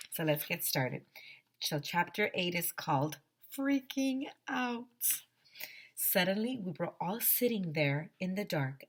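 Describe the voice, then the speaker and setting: A woman teacher reading a children's chapter book aloud to her class, expressive and gently dramatic. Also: sits low.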